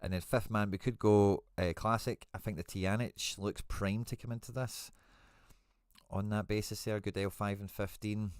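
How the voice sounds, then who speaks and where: A man with a fairly low voice hosts a live stream in a relaxed, chatty way. He thinks aloud as he goes and answers viewers by name. The sound is dry and close, with no room around it. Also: moderate pace, smooth, no room sound. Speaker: host.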